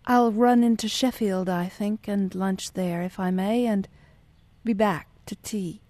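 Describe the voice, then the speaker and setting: A woman's voice: medium pitch, fairly even intonation, a little slow, dark tone, no room sound, close to an everyday voice. A woman reading as a miserable, pleading young man. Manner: pleading, bursts of fierce bitterness. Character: anxious, self-pitying young man, suitor.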